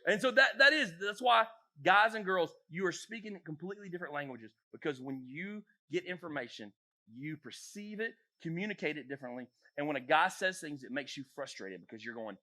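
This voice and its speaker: Youth pastor, male, quick and bright; playful, animated delivery. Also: on the high side. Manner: jokey, animated, acts out voices. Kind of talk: casual talk to teens. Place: church youth room.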